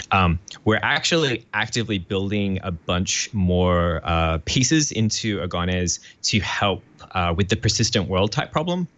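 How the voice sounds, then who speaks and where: An Australian man, a podcast guest, explaining software eagerly with lots of fillers. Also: low voice, dull audio. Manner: enthusiastic, many fillers, quotes imagined requests.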